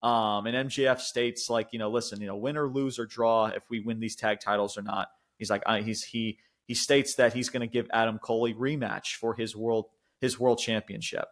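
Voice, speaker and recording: With hardly any pauses, a young man co-hosting a podcast speaks at a moderate pace in a mid-range voice. His loose recap of events rambles along, full of fillers, profanity, and frequent laughs, told with animation.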